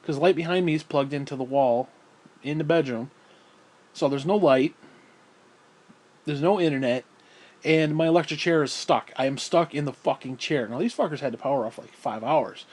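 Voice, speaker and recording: A man's voice: a little high, normal speed, darkish tone. A man telling a rambling story at home in a casual vlog, swearing freely and sighing often. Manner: profane, rambling, frequent sighs. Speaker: vlogger. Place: at home, indoors.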